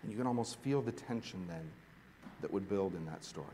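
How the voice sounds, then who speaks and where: A man's voice: low voice, fairly quick, a little hiss or hum. Man, sermon, dynamic preaching, long hall echo. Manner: animated preaching, swinging from hushed to emphatic. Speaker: pastor. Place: large hall with long reverb. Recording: echoey hall recording.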